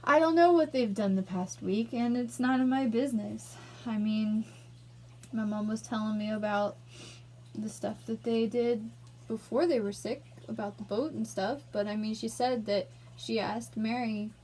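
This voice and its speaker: Young woman venting on her vlog, angry and emotional, swears a lot, high voice. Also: fairly even intonation, moderate pace, dark tone, a little hiss or hum. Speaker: vlogger. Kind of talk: personal vlog rant.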